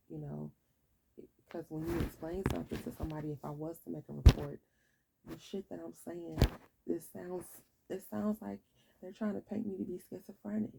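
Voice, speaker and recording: A woman's voice: sits low, vocal fry, mellow, breathy edge, poor audio. A woman vlogging a rambling, frustrated late-night rant to her viewers, sleepy and yawning, stumbling and restarting as she talks.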